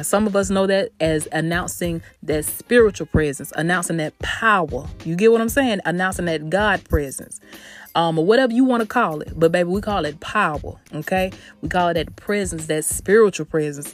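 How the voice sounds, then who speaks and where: A woman with a lowish voice hosts a motivational podcast in a studio. She speaks emphatically and affectionately, calling her listeners baby and honey. Soft music plays faintly behind her. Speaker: podcast host. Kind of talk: motivational talk.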